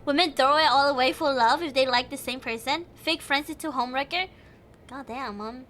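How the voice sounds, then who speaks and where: A woman's voice: high voice, brisk, a bit bright. A young woman streaming a game, thinking aloud in casual chat, giggly and chatty. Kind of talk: casual live game commentary.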